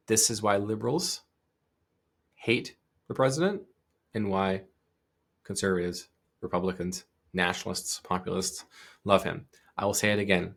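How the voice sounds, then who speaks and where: A man's voice: deep voice, moderate pace, gravelly, pauses often, a bit bright. A male podcast host giving discursive solo commentary, full of asides and restarts.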